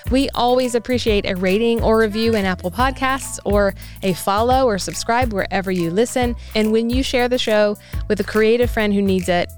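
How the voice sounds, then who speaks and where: A woman hosting a podcast, reading an upbeat outro and thanking listeners. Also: medium pitch. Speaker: podcast host.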